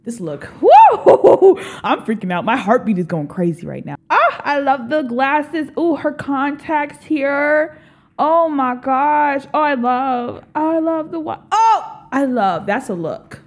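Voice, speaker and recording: A woman's voice: high-pitched, expressive, unhurried. A young woman hosting a reaction video, gushing and exclaiming as she watches, with faint music behind her. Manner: gushing, exclaims often, calls the viewer girl. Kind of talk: excited reaction commentary. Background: music video playing.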